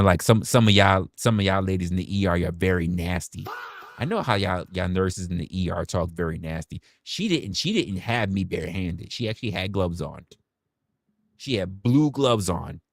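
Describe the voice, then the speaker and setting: A young man on a livestream, telling a story to his viewers in a casual, profane, animated way and acting out quotes. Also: deep voice, no echo, clean studio sound. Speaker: livestream host.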